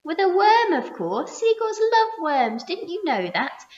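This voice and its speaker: Lady reading as a calm earnest boy, storybook, roomy muffled sound. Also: very high-pitched, measured pace, pitched above the performer's own voice, full character voice. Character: earnest resourceful young boy.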